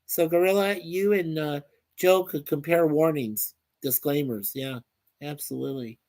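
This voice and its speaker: Slow-talking man hosting a live chat. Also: a little high, a little mellow. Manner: unhurried, chuckles often, reads viewer comments aloud. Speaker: livestream host reading chat. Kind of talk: casual live-stream chat.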